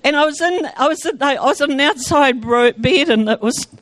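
Speaking to an assembled crowd, a woman from New Zealand recounts her Christian testimony in a high voice at normal speed. Her delivery is lively and full of restarted, broken-off sentences, captured in a close, echo-free recording.

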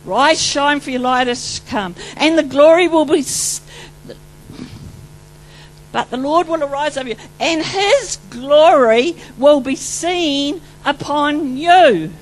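High-pitched fervent New woman preacher. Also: slow, poor audio. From New Zealand. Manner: fervent, rambling, swings from loud to hushed. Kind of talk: charismatic testimony sermon.

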